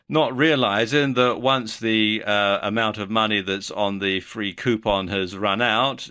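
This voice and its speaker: A man's voice: mid-range voice, bright, forceful tone, smooth. A man giving a video lesson on online marketing, explaining in a mildly sardonic way.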